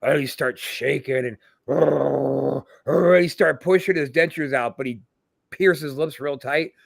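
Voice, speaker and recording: A middle-aged man with a slightly higher voice, hosting a casual podcast and telling profane, reminiscing stories. He acts out quoted people as he goes. His voice sounds close and dry, with no room around it. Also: a little slow, vocal fry, dry recording. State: throat tightening with emotion. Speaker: podcast host.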